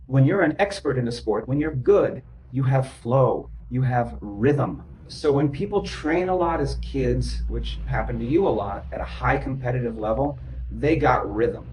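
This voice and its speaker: A man of middle pitch talks a client through his ideas. He speaks emphatically and circles back over the same words, sometimes chanting a rhythm aloud. There is faint noise under his voice. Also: animated, a little slow, a little mellow, rough recording. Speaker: therapist. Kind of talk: explaining to a client.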